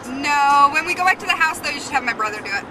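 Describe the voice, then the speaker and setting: A woman from Alabama chatting casually in a car, relaxed and laughing easily. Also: sits high, fast, over music, low-quality recording.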